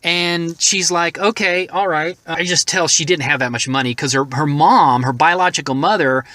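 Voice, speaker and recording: A man's voice: fairly high pitch, normal speed, pushed and bright, no room sound. A middle-aged man from Tennessee with a Southern accent, telling a road-trip story in a loose, profane vlog, laughing at his own jokes. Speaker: vlogger. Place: in and around his truck at night, on the road.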